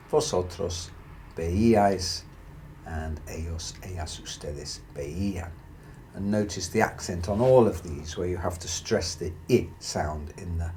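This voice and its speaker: A man teaching a grammar lesson, explaining slowly and carefully and reading out example sentences. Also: low-pitched, a little mellow, slight background noise. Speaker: Spanish teacher.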